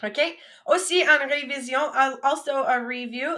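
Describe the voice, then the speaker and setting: High-voiced woman teaching a vocabulary lesson. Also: sharp tone. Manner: slow, drawn-out modelling of each French word, then quick English asides; encouraging, coaxing students to repeat after her. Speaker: French teacher.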